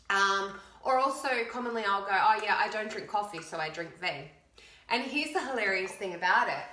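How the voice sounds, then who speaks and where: A woman's voice: mid-range voice, bright, forceful tone, a little hiss or hum. An upbeat woman, a fitness coach chatting casually to camera while counting aloud. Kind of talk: casual video chat. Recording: echoey room.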